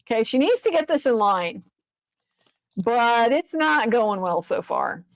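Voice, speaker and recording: A woman's voice: fairly high pitch, big pitch swings, a little slow, no room sound, poor audio. A woman lawyer giving casual, profane, exasperated commentary on a court case, rambling at times.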